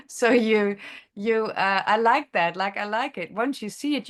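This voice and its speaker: Slow, halting woman teaching a class. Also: mid-range voice. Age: adult, has a grown daughter. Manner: halting, many fillers and restarts, thinks aloud. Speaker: chiropractor leading a masterclass discussion. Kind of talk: unscripted teaching talk.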